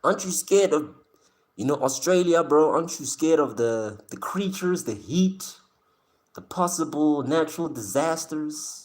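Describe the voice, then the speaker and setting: With a slightly high, animated voice and an unhurried pace, a South African man runs a live stream. He reacts to chat casually, talking straight to viewers with slang, jokes, and plenty of laughter.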